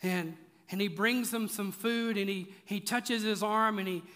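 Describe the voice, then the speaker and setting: A pastor's high, bright, sharp voice rings out with long reverb across a large church auditorium as he delivers a sermon. His tone stays steady and his pace a little slow while he moves from playful, conversational asides into emphatic, repeated points.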